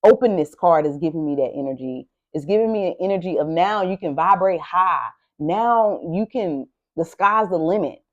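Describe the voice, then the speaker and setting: Animated woman giving a tarot reading. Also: fairly low pitch, muffled recording. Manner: animated and emphatic, repeats herself, talks like a preacher. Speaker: tarot reader.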